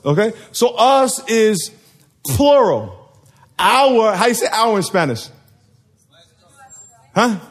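Guy preaching, high voice, cracks jokes, asks the crowd questions and they answer. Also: big pitch swings, slow pace, long pauses. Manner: joking, quizzes the audience. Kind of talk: sermon with call and response.

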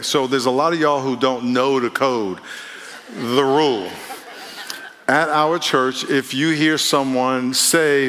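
A man's voice: medium pitch, fairly bright tone, slight background noise. A pastor delivering a conversational sermon, joking and leading call-and-response with his congregation. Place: church sanctuary. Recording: long hall reverb.

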